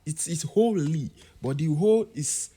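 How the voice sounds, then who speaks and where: Animated man teaching piano. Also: measured pace, breathy edge. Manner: animated, sings example words to show pitch. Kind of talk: music tutorial.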